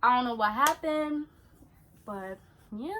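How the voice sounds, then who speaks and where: A young woman, chatting in an animated, slangy way as she tells a story during her skincare routine. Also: a little high, slow pace, background noise. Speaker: beauty vlogger.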